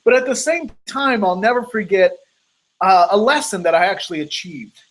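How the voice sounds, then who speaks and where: A motivational speaker telling a personal story in an earnest storytelling manner, acting out the quoted lines, over an online video call. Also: male voice, high-pitched, animated, moderate pace, rough recording.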